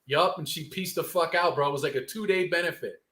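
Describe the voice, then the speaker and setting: A man's voice: a little high, fairly quick, a bit bright. A man, a guest telling a long rambling story in casual, profane street slang. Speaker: guest musician.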